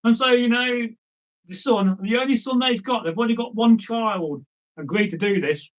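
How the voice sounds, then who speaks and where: A man's voice: extremely high pitch, normal speed, poor audio. Chatty male folk-tale storyteller. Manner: chatty, rambling, frequent "you know" asides to listeners.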